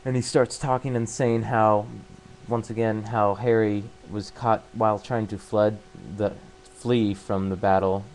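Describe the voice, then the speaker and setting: Man with a low, even delivery, casually retelling a story; stumbles and restarts often. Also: a little hiss or hum, rough recording. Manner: halting, full of fillers and restarts. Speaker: book summarizer. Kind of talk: casual spoken plot retelling.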